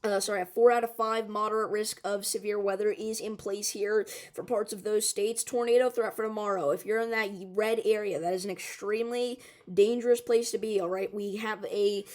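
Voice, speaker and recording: A woman with a hoarse, worn voice giving an urgent, emphatic severe weather forecast, often checking in with the viewer. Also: medium pitch, steady tone, brisk, darkish tone. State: hoarse, strained voice.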